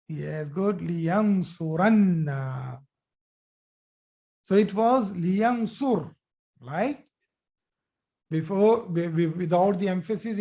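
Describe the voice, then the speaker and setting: A man leads a live online grammar class at an unhurried, deliberate pace, stretching out words as he drills forms. He is patient and encouraging, praising his students after almost every answer. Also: high voice, creaky, mellow. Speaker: Arabic grammar teacher.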